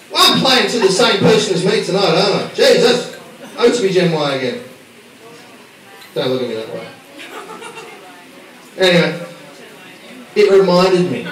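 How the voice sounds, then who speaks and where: A man from Australia doing a stand-up routine, brash and sweary, teasing the crowd. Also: sits high. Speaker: stand-up comedian. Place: small comedy bar. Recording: echoey club from far off, crowd laughter.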